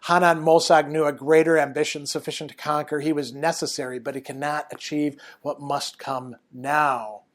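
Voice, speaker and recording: Young arrogant warrior read aloud by a man; declamatory, slightly high. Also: little pitch movement, moderate pace, few pauses, lightly acted. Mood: grandiose.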